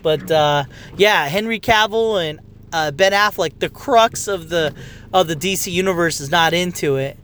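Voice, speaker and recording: A man's voice: high voice, normal speed, fairly bright tone, a little hiss or hum. A man in his thirties giving a casual, profane, rambling movie review as a rant.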